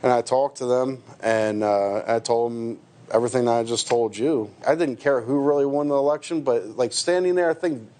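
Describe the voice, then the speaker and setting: A man from the United States, a truck driver, recounts a personal story in a hesitant way. He keeps stopping to restart his sentences and fills the gaps with fillers, at a mid-range pitch. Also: steady tone, moderate pace, warm tone. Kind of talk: personal account to camera.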